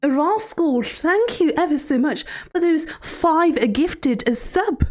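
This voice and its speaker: A sugary, menacing villain therapist, as a woman streamer puts her on, purring threats at her audience between cheery greetings. The voice sits high and leaps up and down in sing-song swoops, words drawn out with mock sweetness. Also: expressive, slow. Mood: playful teasing. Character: creepy, teasing female villain therapist hosting cruel trials. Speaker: streamer in character. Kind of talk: live-stream character role-play.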